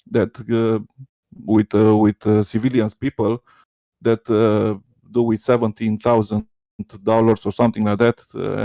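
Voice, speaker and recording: A man debating in English as a second language, excited and stammering, repeating words as he argues. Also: on the low side, no echo. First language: not English. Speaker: debate guest. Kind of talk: live online debate.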